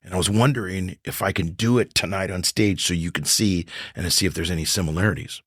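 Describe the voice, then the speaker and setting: Husky older man telling a story. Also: low voice, brisk, dry recording, studio quality. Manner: animated storyteller acting out dialogue. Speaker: comedian guest. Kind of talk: casual storytelling chat.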